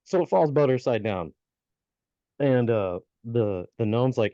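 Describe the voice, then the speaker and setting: A man's voice: mid-range voice, lively intonation, a little slow, warm tone, dry recording. Give me a man rambling through a folk tale on a podcast, dry and close on the mic. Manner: rambling retelling with many fillers and restarts. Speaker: podcast co-host. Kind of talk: casual storytelling chat. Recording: dull lo-fi podcast audio.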